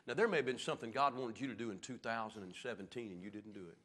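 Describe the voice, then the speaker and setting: A man with a Southern American accent preaching a sermon as pastor, swinging from shouted peaks down to low, quiet lines. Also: rapid-fire, few pauses. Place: church sanctuary. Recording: echoey church hall.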